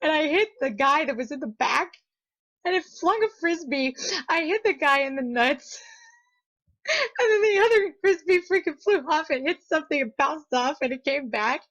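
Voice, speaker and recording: A young woman telling a story in a casual vlog, giggly and excitable, often breaking into laughter. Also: sits high, a little slow, long pauses, muffled recording. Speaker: vlogger.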